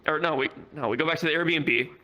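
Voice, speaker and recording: A man doing stand-up, telling a rambling, profane story with quick acted quotes in a virtual comedy club. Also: a little high, sharp tone, a little hiss or hum.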